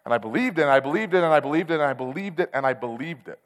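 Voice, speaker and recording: A man preaching a sermon, telling a personal story in a candid, conversational way that swells into loud, passionate outbursts. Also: fairly high pitch, lively intonation, racing. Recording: long hall reverb.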